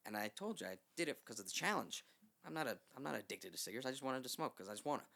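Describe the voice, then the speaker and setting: A man sits in as a podcast guest and rambles through a story at a quick clip. His voice has a gravelly, fried texture. He swears freely and slips into the voices of the people he quotes. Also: mid-range voice, animated, pushed and bright. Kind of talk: casual storytelling. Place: podcast studio.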